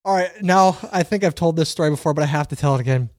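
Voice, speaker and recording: A man's voice: on the high side, fast, no echo. A young man hosting a podcast, casually telling a funny story and laughing often. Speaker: podcast host.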